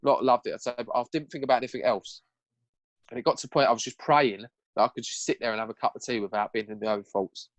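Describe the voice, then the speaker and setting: A man's voice: medium pitch, fairly even intonation, fast talker, dry recording. A young man telling his personal story as a podcast guest, raw and candid, swearing freely.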